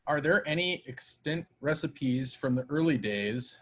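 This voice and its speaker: A man's voice: medium pitch, animated, a little slow, a bit bright, a little hiss or hum. Easygoing man moderating a webinar. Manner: easygoing, reads out audience questions. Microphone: video call.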